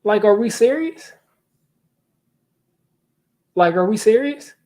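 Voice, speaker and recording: A man's voice: high-pitched, lively intonation, slow, warm tone. A young man hosting a sports fan channel, ranting in exasperation during a live football reaction, repeating himself as he vents.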